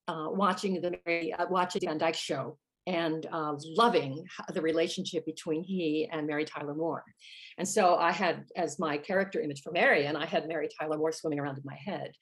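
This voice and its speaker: A woman's voice: deep voice, fairly even intonation, fairly quick, soft background music. A woman, a musical theater actress, telling a story in a casual interview and acting out the lines she quotes.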